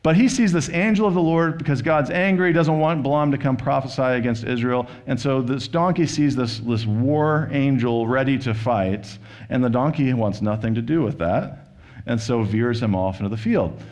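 A male pastor giving a sermon, retelling and reading a scripture story in a relaxed, conversational manner. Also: medium pitch, normal speed. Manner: conversational storytelling, paraphrasing scripture with quoted voices.

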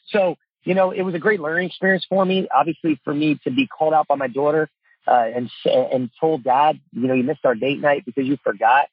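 A man's voice: fairly high pitch, a little fast, slightly rough, dry recording, lo-fi sound. A middle-aged man, a father and coach, talking earnestly in a casual interview, with lots of fillers. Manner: earnest, heartfelt, many fillers like "you know" and "man".

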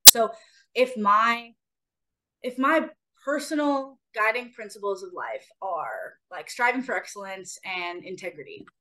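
Her voice is mid-range, a little slow, sharp in tone and lively in intonation. As an athlete co-hosting a sports podcast, she chats casually but earnestly, with a motivational bent and phrases repeated for emphasis.

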